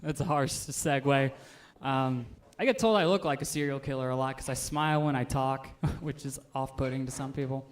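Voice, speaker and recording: A man in his twenties doing a stand-up set, with an offhand, deadpan delivery full of "um"s. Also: medium pitch, normal speed, few pauses. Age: 20s. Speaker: stand-up comedian. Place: live comedy stage.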